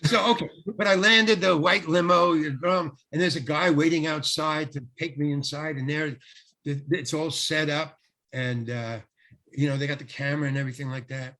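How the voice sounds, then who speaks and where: An older man, a guest actor, telling a lively anecdote in an interview, acting out the quotes and laughing often. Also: a little high, moderate pace. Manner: animated storyteller, acts out quotes, laughs often. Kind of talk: storytelling in an interview.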